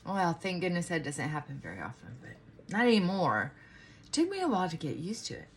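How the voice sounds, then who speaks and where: A woman's voice: fairly low pitch, huge pitch swings, fairly quick, breathy edge. A middle-aged woman chatting casually to her viewers in her bedroom, rambling with asides to her dog. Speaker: vlogger. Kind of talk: casual morning chat.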